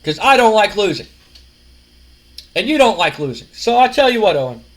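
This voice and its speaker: A man's voice: high-pitched, sing-song, normal speed. A man voicing a cocky, boastful male pro wrestler who taunts his rival. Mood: smug. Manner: smug, taunting, loud.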